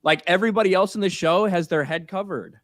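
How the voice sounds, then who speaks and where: A man's voice: high-pitched, fast talker, fairly bright tone, no room sound. A man guesting on a podcast in casual chat, rambling and emphatic with many restarts.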